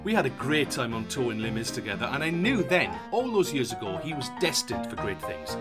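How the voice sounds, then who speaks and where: A man's voice: medium pitch, sing-song, brisk, music in the background. A man co-hosting a podcast in casual chat, rambling and breaking off mid-sentence. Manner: rambling, self-interrupting explanations. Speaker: podcast co-host.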